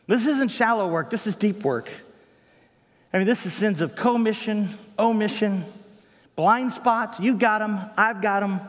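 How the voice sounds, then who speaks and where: A man's voice: high voice, a little slow, long reverb tail. A middle-aged man preaching a sermon as pastor, conversational, with frequent asides and tag questions.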